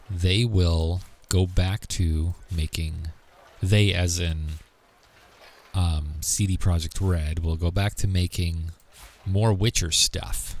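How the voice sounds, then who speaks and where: Low gravelly man rambling on a game stream. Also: a little hiss or hum. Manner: rambling, filler-heavy, muttering asides while playing. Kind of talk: casual gaming livestream chat.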